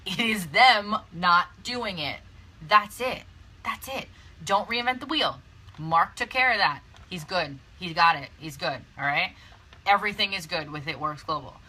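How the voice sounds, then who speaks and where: A young woman coaching network marketing chats through a casual live video, laughing often and restarting sentences amid plenty of fillers. Her mid-range voice has a sharp tone, and the phone or webcam recording is low quality.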